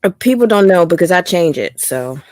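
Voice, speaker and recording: A woman in casual chat, relaxed and quick to laugh between remarks. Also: lowish voice, no room sound. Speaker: chat participant.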